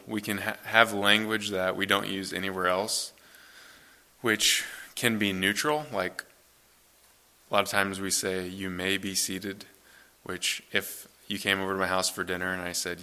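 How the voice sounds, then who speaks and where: Pastor guy in church, low flat voice but bright, chatty sermon, keeps rephrasing. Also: moderate pace. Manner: conversational, relaxed, self-correcting. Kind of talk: scripture reading then casual sermon.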